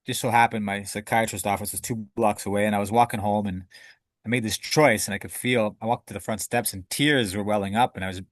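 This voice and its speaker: Male guest, low voice, dry sound, candid and emotional storyteller who curses freely. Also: fairly even intonation, quick pace, no echo. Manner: emotional, candid, swears casually. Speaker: podcast guest.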